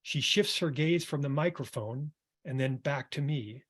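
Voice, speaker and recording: A man in the role of a music therapist reads a passage from his book in a calm, reflective way. He then moves into relaxed panel talk, with a few hesitant fillers. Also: medium pitch, unhurried.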